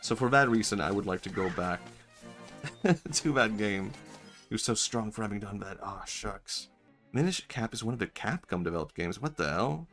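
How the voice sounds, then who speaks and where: A man with a fairly low voice rambles through a casual gaming stream, cracking jokes and laughing as he goes. He starts bits and drops them just as fast. Faint game music plays behind him. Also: expressive, fairly bright tone. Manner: rambling, jokey, laughs often, abandons bits.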